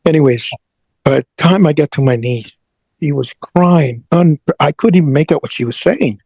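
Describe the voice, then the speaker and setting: Gravelly, husky man telling his story. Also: a little high, normal speed, darkish tone, no room sound. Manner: earnest, repeats words as he talks. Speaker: interview guest. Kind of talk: personal storytelling in conversation.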